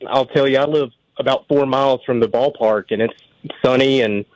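A man's voice: mid-range voice, steady tone, moderate pace, darkish tone, dry recording, poor audio. A man calling in to a sports radio show, asking a question in a rambling, hesitant way. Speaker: caller.

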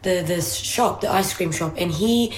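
A woman's voice: on the low side, unhurried. Chatty woman telling a story in a roomy room. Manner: chatty, animated storyteller who laughs easily. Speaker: podcast co-host and mother. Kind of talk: casual conversation, anecdotal storytelling.

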